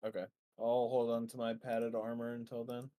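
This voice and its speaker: A man's voice: mid-range voice, monotone, normal speed, warm tone. A man playing a tabletop game, polite and easygoing, sometimes speaking in character. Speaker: player.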